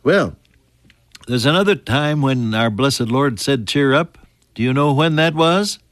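A man preaching a sermon, earnest, building to emphatic high points and then falling soft and hushed. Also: lively intonation, measured pace, dry recording.

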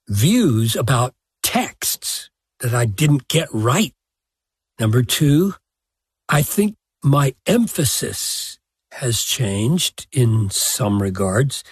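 An older man, a pastor, answering a question slowly and deliberately, with self-deprecating chuckles. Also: medium pitch, slightly rough, no room sound, clean studio sound. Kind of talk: reflective podcast answer.

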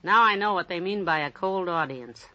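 A woman's voice: fairly low pitch, moderate pace, bright, forceful tone, dull audio. An actress playing a cheerful, teasing middle-aged wife who laughs at her own puns, in 1940s radio acting style. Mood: playful.

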